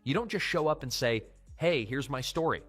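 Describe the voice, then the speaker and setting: A man's voice: medium pitch, expressive, moderate pace, a bit bright, breathy edge, faint music behind. A man reading scripted commentary narration in a punchy, dramatic way.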